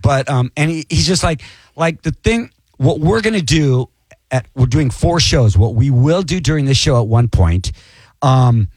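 A man's voice: mid-range voice, lively intonation, unhurried, a little mellow, breathy edge, no room sound. A man in casual chat, rambling loosely and cracking self-mocking jokes about his show. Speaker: touring comedian, guest.

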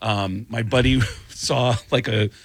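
A man in casual talk telling animated stories from touring, acting out the people in them. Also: mid-range voice, slow pace, no room sound. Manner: animated anecdote teller, acts out quoted voices. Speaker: touring comedian, guest. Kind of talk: casual storytelling chat.

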